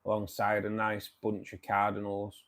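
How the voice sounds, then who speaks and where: Chatty Manchester man, lowish voice. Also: completely flat delivery, normal speed, a bit bright. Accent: Manchester English. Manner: chatty, reads and answers viewer comments. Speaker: livestream host. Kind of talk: casual livestream chat.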